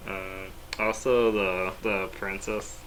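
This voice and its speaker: Man, low voice, bright forceful tone, relaxed and hesitant, casual podcast co-host, faint background hiss. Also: slow pace. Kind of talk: casual chat about anime and manga.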